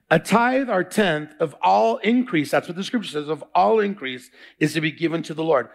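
A man's voice: fairly high pitch, creaky. A male pastor preaching a sermon, quizzing the congregation in call-and-response.

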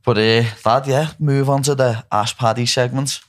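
A man's voice: mid-range voice, steady tone, moderate pace. A man with a Liverpool Scouse accent hosting a casual podcast chat, talking bluntly and swearing, tagging "lad" onto his phrases. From Liverpool, England. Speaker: podcast host.

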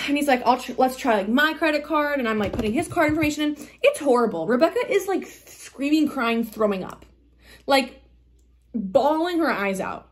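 A young woman with a slightly high voice recounts a stressful night to camera. She talks quickly and dramatically, jumping into the voices of everyone involved as she goes. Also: expressive. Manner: dramatic, fast retelling full of quoted exclamations. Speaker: vlogger. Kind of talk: casual storytime vlog.

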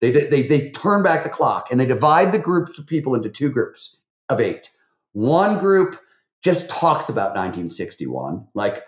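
A man, a podcast guest and author, talking in a lively way, telling stories full of fillers and quoted voices. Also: a little high, roomy sound, muffled recording. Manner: animated, fast-talking, with many fillers and acted quotes. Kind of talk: conversational interview storytelling.

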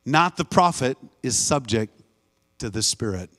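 A man's voice: medium pitch, lively intonation, moderate pace, fairly bright tone. A man preaching a live church sermon, emphatic and repetitive, calling out to the congregation. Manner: emphatic, call-and-response, repeats phrases. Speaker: guest preacher. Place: church sanctuary.

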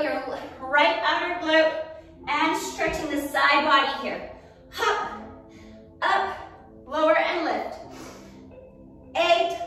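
A woman's voice: sits high, a bit bright. Breathless woman counting reps in echoey room. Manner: counting reps aloud, encouraging. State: a little out of breath. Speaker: fitness instructor. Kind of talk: guiding an exercise class. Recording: echoey room, distant mic, faint music.

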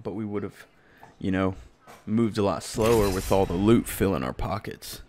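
A man's voice: lowish voice, normal speed, a little mellow. A man hosting a casual game session with friends, teasing them, laughing often and swearing freely. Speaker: gaming streamer host. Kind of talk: casual gaming chat with friends. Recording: noisy mic with clicks.

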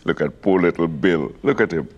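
A man reading a picture book aloud to children, animated and coaxing, pausing to point things out. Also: deep voice, dull audio.

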